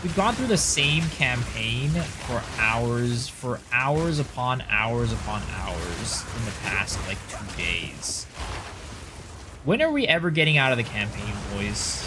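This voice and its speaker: A male game streamer in casual, chatty commentary, his voice swinging up and down with lively, animated pitch. He jokes with his viewers between moves, in a mid-pitched voice over a faint background hiss. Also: slow. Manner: chatty, joking, answers viewers.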